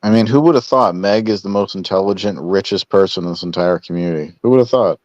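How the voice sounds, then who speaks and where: A man's voice: deep voice, fast talker, darkish tone, no echo, lo-fi sound. A man chatting sarcastically on a live stream panel, mocking in a casual way.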